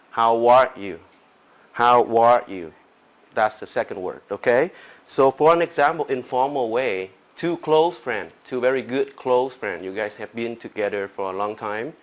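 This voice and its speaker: A man teaching English phrases, leaning hard on stressed words. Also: medium pitch. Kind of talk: pronunciation lesson.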